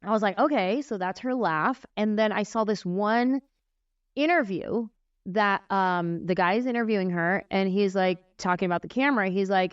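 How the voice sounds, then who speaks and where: Woman comedian telling animated stories. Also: medium pitch, normal speed, clean tone, dry recording. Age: 40s. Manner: animated, demonstrating voices and gestures as she tells stories. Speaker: guest comedian. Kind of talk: casual storytelling in a podcast interview. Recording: dry, slightly muffled lo-fi sound.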